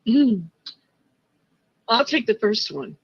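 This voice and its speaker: Deadpan teasing guy, high bright voice, dull lo-fi recording, dry. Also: slow, gravelly, breathy edge, no room sound. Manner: deadpan joke-teller, teasing. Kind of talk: casual comedic chat. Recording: dull lo-fi sound.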